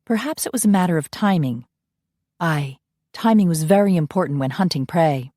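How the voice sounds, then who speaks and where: Low-voiced woman narrating a story. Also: lively intonation, moderate pace, mellow, dry recording, studio quality. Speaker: audiobook narrator. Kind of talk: scripted narration.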